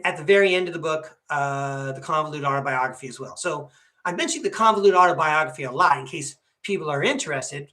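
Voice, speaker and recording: An older man with a fairly high, bright voice hosts a live tarot stream. He wanders from thought to thought in an easygoing monologue. He keeps turning to the audience with a quick "okay?". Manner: meandering, checks in with listeners with "okay?". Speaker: tarot podcast host.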